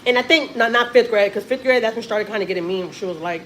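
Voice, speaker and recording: A woman's voice: fairly high pitch, fast talker, hardly any pauses, a bit bright, a little hiss or hum, poor audio. Rambling, emphatic woman vlogger. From Texas. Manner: rambling and emphatic, swears casually. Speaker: family vlogger and mother. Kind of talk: casual live-stream storytelling.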